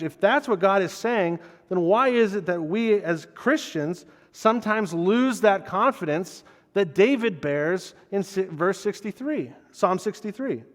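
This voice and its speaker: Guy pastor giving a chatty sermon, kinda high voice, earnest, stumbles and repeats words, big echoey church sound. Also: expressive, a little slow. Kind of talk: conversational sermon.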